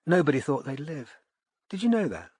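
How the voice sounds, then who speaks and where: A man reading an audiobook, voicing a slightly drunk, wistful aristocratic young mother in a soft, slow, dreamy voice. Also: on the high side, sing-song, slightly rough, no echo, clean studio sound, pitched above the performer's own voice. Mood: tipsy dreamy.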